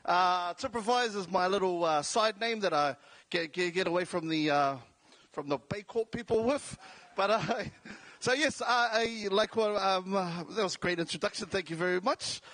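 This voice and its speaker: Comedian, man, South Auckland accent, higher pitch, dry close sound. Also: moderate pace, a bit bright, no echo. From New Zealand. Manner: jokey, self-deprecating. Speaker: comedian and radio host. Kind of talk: stand-up style talk. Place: large indoor venue.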